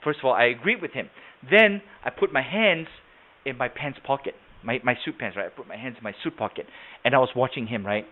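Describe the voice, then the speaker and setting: Brisk, with lively intonation in a mid-range voice, this man runs a live sales training webinar over a video call. The recording sounds tinny and phone-like, and he speaks conversationally, asking the class questions and repeating himself.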